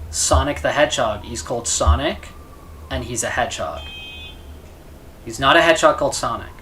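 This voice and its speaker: A man talks loosely to his live-stream viewers, trailing off and stumbling over repeated words as he thinks aloud. His voice sits at an everyday middle pitch. A faint hiss of noise runs behind him. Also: normal speed, bright, forceful tone. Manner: rambling, stammering, repeats words; chats with viewers between game moments. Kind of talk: casual live-stream chat.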